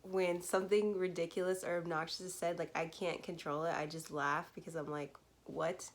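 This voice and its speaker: A woman's voice: fairly low pitch, level tone, brisk. A woman in her twenties chatting casually on camera as she tells a true story, with frequent laughs and lots of fillers. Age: 20s. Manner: chatty, laughs often, many "like"s. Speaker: vlogger.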